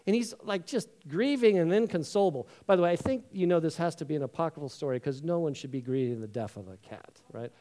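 A high-voiced man preaching to a congregation. He keeps it conversational and joking, and slips into little character voices when he tells a story. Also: animated, a little fast, a little mellow. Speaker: pastor. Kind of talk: sermon.

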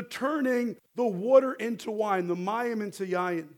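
A middle-aged man preaching a sermon as a rabbi, animated and building toward fervent exhortation, leading the congregation to repeat words back. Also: high-pitched, measured pace, hardly any pauses. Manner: animated, rising to near-shouting exhortation; leads the congregation in call-and-response.

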